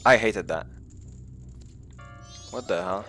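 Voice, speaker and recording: A man's voice: fairly low pitch, slow pace, fairly bright tone, faint music behind. A man streaming a video game, chatting loosely with his viewers and swearing freely as he rambles. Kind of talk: casual live-stream chat while gaming.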